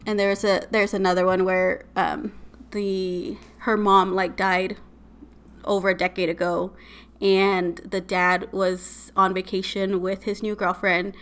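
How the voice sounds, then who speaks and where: Woman podcast co-host, bright tone, flat delivery, chatty storyteller. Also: medium pitch, a little slow. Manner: retells eerie stories with many fillers. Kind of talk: casual storytelling chat.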